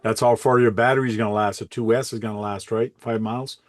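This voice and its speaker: Guy hosting a laid-back stream, lowish voice, rambles and fixes his words, dry close sound. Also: quick pace, no echo. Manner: relaxed, rambling, self-correcting. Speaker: host. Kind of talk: casual livestream chat.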